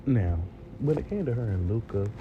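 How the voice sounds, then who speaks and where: A man's voice: medium pitch, normal speed, phone-quality sound. A man giving a casual, rambling TV review, talking straight to his viewers. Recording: steady background noise.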